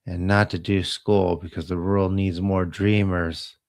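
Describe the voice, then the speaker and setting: A man with a very low voice tells a story in a loose, rambling way. He talks slowly, drifting from one detail to the next and adding little asides as he goes. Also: level tone, a little mellow. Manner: slow, meandering retelling with trailing asides. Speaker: host of a live healing stream.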